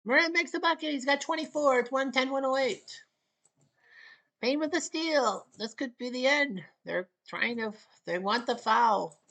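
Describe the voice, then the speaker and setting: A woman from Canada calling a basketball video game in casual solo play-by-play, with clipped calls and wry asides. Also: sits high. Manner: clipped, rapid calls, wry asides, rising excitement near the end. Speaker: play-by-play commentator.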